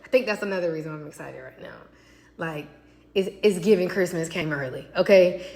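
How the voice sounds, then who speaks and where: A woman talking casually and excitedly to her viewers in a faith vlog, chatty and direct. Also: lowish voice, fairly quick, creaky. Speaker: faith vlogger. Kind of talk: casual devotional vlog talk.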